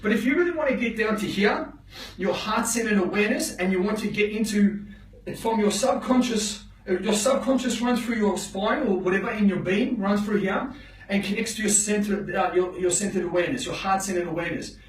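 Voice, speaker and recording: A man's voice: high voice, fairly quick, echoey room, recorded from a distance, poor audio. A man teaching a live motivational session, preachy and blunt, often checking in with his listeners and swearing for emphasis. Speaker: motivational coach.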